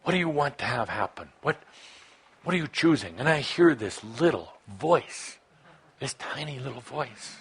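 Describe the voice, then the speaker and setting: A man giving a channeled spiritual talk to a live audience, speaking in short broken phrases that swing from soft musing to emphatic, passionate urging. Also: mid-range voice, expressive, moderate pace, husky.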